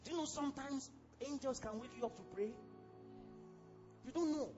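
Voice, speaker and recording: A man with a Nigerian accent preaching a sermon as pastor, fiery and exclamatory, breaking into sudden shouts. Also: very high-pitched, normal speed, highs cut off, over music.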